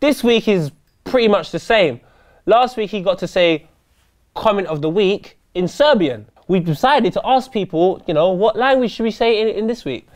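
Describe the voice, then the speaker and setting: A man's voice: high voice, lively intonation, normal speed. A young man co-hosting a casual football chat show in a studio, with dry, laid-back banter. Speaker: co-host. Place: studio in London.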